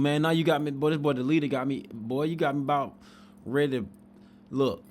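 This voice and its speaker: A man's voice: a little high, fairly quick. A man hosting a podcast, giving loose, profane reaction commentary and talking back at the video in disbelief. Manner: animated, incredulous, profane, talks back to the screen.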